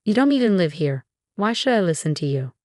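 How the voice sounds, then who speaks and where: A domineering middle-aged mother-in-law from a read-aloud story snaps out cold, scornful orders, as a woman narrator puts her on. The voice sits fairly low and close, with almost no room sound. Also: big pitch swings, brisk, a little mellow, no room sound.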